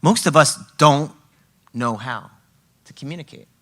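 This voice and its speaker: Bright-voiced man leading a parenting workshop. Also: fairly high pitch, unhurried. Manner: emphatic, often checking in with "okay?" and "right?". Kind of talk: live workshop talk to an audience. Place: room with a live audience.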